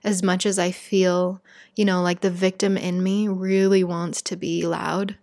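A woman's voice: fairly low pitch, flat delivery, a little slow, darkish tone. Woman, spiritual speaker, heartfelt and emphatic, reflective talk. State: shaken.

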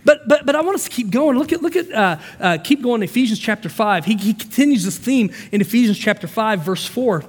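Male pastor, high voice, sermon in a long-reverb hall; storytelling turns to emphatic exhortation. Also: animated, brisk, hardly any pauses. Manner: preaching with stories, swings from soft storytelling to emphatic.

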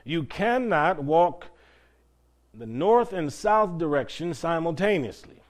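Somewhat high-voiced man preaching a sermon. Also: lively intonation. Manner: preaching with rhetorical questions, drawn-out emphatic phrases. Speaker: pastor.

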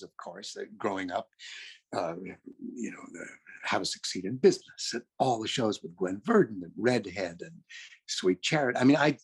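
An older man from California, with a voice on the low side and a breathy edge, reminisces about his career. His anecdotal storytelling is long, rambling, chatty and self-correcting.

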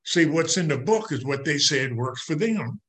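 A man's voice: on the high side, lively intonation, normal speed, a bit bright. An older man giving a folksy, conversational personal testimony at a recovery meeting, speaking straight to the audience.

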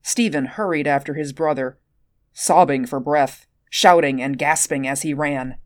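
Low-voiced woman reading a story. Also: a little slow, dry recording, clean studio sound. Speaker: narrator. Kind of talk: audiobook narration.

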